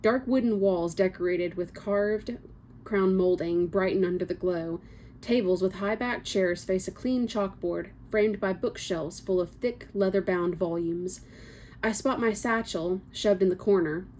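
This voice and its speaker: A woman's voice: mid-range voice, unhurried, darkish tone, a little hiss or hum. A woman reading a first-person novel excerpt aloud, with small slips and casual asides. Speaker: book reader.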